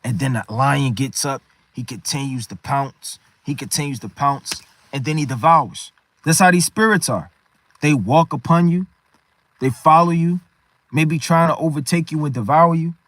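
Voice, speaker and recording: A man's voice: a little high, normal speed, a bit bright, no room sound. A man preaching a sermon in an emphatic, repetitive way, often tagging his phrases with "man".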